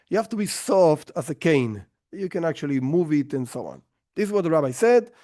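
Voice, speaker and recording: Male rabbi, storytelling class, animated delivery, slightly high voice, dry close sound. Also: no echo. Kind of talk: storytelling lesson.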